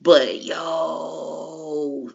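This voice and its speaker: A woman with a fairly low voice tells stories in a casual interview, animated, full of slang and profanity. Her voice comes through a dull, lo-fi recording that takes the crispness off her words. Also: extremely slow. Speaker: wrestler guest.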